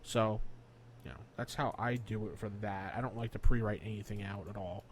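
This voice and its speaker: A man talks quickly on a casual gaming podcast. He rambles, trails off and hunts for words, filling the gaps with little asides. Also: lowish voice, a little hiss or hum. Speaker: podcast co-host and game master. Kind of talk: casual chat.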